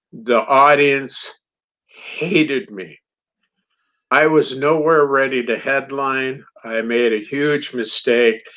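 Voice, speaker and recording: A middle-aged male comedian, a guest on a podcast interview, tells an animated anecdote in a medium-pitched voice with a bright, forceful tone. He acts out the quoted dialogue, and the recording has a dull, lo-fi sound.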